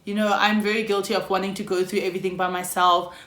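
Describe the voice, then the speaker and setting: A woman's voice: medium pitch, level tone, fast talker, fairly bright tone. A young South African woman with a South African accent, talking frankly in a personal vlog, swearing freely and laughing often. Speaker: YouTuber. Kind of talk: candid personal vlog monologue. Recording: roomy echo.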